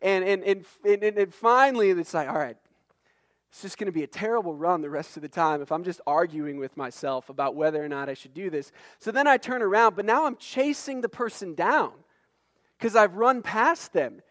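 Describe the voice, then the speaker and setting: A man's voice: sits high, moderate pace, fairly bright tone, dry recording, studio quality. A middle-aged man, a pastor preaching a sermon in an earnest, conversational way, mixing scripture with personal stories and stumbling restarts.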